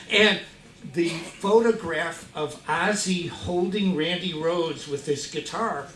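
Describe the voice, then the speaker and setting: A middle-aged guitarist telling a story from a concert stage, excitable, laughing and shouting out his punchlines. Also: a little high. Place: live concert venue. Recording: echoey concert hall, mic far off.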